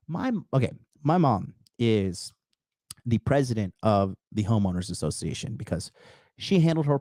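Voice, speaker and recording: A man's voice: mid-range voice, dark tone, dry recording, clean studio sound. A man hosting a call-in show, delivering a blunt, profane, heated rant. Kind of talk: casual ranting monologue.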